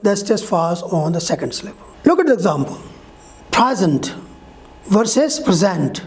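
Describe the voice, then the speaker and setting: An English teacher with a medium-pitched, darkish voice gives an online pronunciation lesson. She explains the rules step by step, spells out letters, and checks in with "Okay?"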